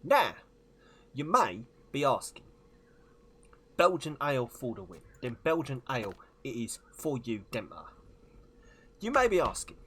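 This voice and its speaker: A man doing an impression of an older gentleman, slow and deliberate with heavy stress on each word. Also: medium pitch, husky, full character voice.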